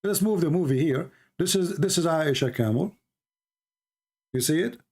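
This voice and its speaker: A man's voice: fairly high pitch, animated, normal speed, a little mellow. A man from the Middle East whose first language is Arabic, giving mocking, sarcastic commentary over a video he is playing. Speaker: religious commentator.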